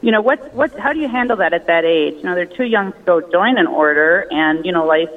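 A woman's voice: lowish voice, expressive, a little fast. A woman calling in to a radio show by telephone, asking a question with many fillers of "you know". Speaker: caller. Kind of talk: call-in question. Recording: tinny phone line.

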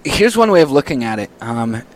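A man hosting a casual faith discussion, chatty and animated, often laughing and slipping into quoted voices. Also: mid-range voice, a little fast, rough recording. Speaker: host. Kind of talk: casual Catholic Q&A talk.

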